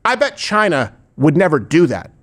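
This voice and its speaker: A man's voice: fairly high pitch, very animated, normal speed, a bit bright. A man hosting a political talk show, asking rhetorical questions with heavy sarcasm. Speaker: host. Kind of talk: political commentary chat.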